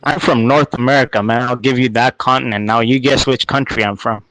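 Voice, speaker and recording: A man from Canada calling into a talk show, teasing and relaxed as he chats. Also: mid-range voice, a little fast, dry recording, rough recording. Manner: teasing, laid-back. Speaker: caller. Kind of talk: casual chat.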